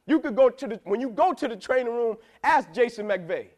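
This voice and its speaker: A man's voice: very high-pitched, lively intonation, brisk, darkish tone. A young man giving an emphatic, slangy motivational speech to football players, repeatedly asking "right?". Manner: emphatic, repetitive, asks "right?" a lot, slangy.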